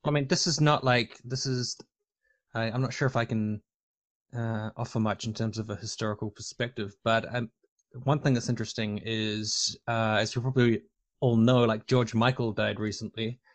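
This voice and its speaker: A man's voice: on the low side, steady tone, moderate pace. A man talking casually on a discussion panel, rambling with lots of fillers and restarts.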